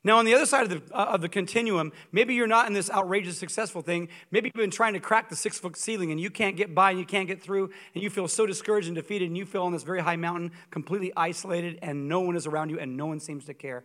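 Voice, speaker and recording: A man preaching as a guest speaker, telling stories in an animated, humorous and emphatic way. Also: high voice, fast talker, few pauses. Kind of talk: sermon.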